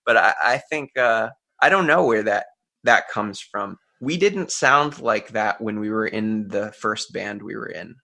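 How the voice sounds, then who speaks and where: Brief: man, middle-aged folk singer guest, bright and gravelly, open and reflective. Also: lowish voice, animated, a little slow. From Central Massachusetts. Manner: earnest, open, laughs easily, thinks aloud. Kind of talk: relaxed reflective interview talk.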